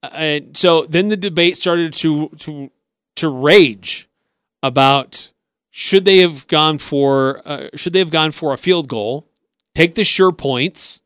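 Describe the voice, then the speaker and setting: A male sports radio host with a fairly high voice, walking listeners through the action play by play. He speaks into a close mic, with a dry, dead studio sound and no room around him. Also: slow pace, no echo. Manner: animated play-by-play recounting.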